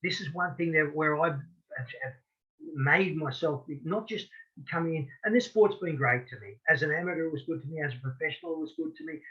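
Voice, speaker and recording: A man's voice: fairly high pitch, fairly quick, highs cut off. An Australian man, a boxing referee, chatting as a guest in a friendly, rambling way with many restarts and frequent "mate". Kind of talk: casual interview chat.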